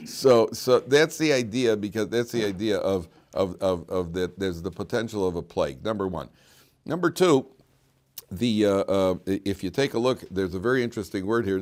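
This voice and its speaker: Rambling, joking older rabbi teaching a class. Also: male voice, on the low side, a little mellow. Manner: rambling, many fillers and restarts, joking storyteller. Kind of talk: informal Torah class with jokes. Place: classroom with students.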